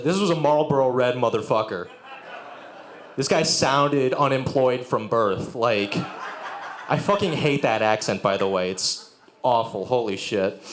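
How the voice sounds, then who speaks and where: A young man doing a sardonic stand-up set with crowd work and profanity at a live venue. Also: medium pitch. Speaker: stand-up comedian. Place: live music venue with audience. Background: audience laughter.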